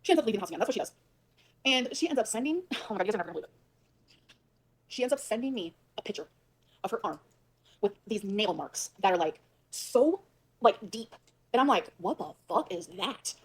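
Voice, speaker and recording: A woman on a livestream ranting fast and emphatically, swearing a lot as she tells her side of a fight. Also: medium pitch, animated, husky. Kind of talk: venting livestream rant. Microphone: livestream mic.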